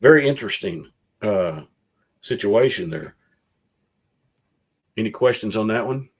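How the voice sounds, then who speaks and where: A man's voice: lowish voice, measured pace, breathy edge. A man, a former legislator and guest, talking on a video call and recounting events in a rambling way. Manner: rambling, retells quotes in a lively voice. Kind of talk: casual storytelling over a video call.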